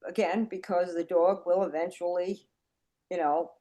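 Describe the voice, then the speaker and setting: A woman's voice: on the low side, fairly even intonation, normal speed, mellow. A woman teaching a dog nose work class over a video call, chatty and repeating her points for emphasis.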